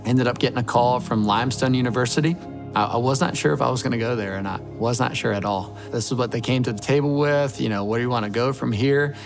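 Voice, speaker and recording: Gravelly man telling a faith story. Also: mid-range voice, fast talker. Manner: earnest, emotional storytelling. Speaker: former college baseball coach. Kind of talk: personal testimony. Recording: music bed underneath.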